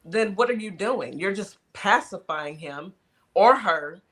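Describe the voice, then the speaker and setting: A woman's voice: medium pitch, lively intonation, a bit bright, husky. Emphatic woman making points in chat. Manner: emphatic, deliberate, stumbles over words. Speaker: podcast co-host. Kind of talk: casual chat.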